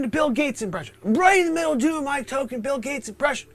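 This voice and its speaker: Hosting a comedy livestream of improvised bits, a man responds to chat questions at a fast clip in a creaky voice, bouncing up into high voices and down to whispers. The audio is very noisy.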